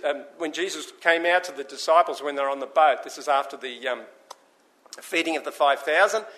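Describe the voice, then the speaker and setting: Bright-voiced man preaching a lively sermon. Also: on the high side. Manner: animated storytelling, acts out the voices in his stories.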